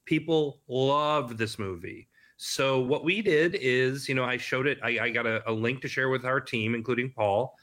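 A man's voice: mid-range voice, moderate pace, few pauses, fairly bright tone. A man as an interview guest, talking animatedly with frequent restarts about bringing a film to theaters. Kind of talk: casual interview.

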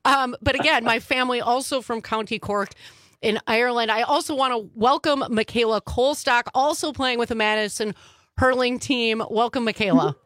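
A woman's voice: a little high, normal speed, a bit bright, no room sound, studio quality. A woman hosting a radio interview, bubbly and enthusiastic. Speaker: radio host.

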